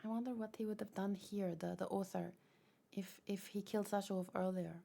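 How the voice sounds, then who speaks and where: A woman casually reading a manga aloud and commenting in soft, murmured asides. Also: medium pitch, fairly even intonation, a little fast, vocal fry. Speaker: manga reader. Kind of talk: casual read-along commentary.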